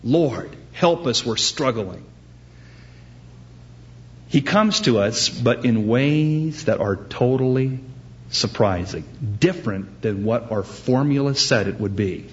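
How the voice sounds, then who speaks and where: A man preaching a sermon as pastor, animated and acting out the voices he quotes. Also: mid-range voice, measured pace, lo-fi sound.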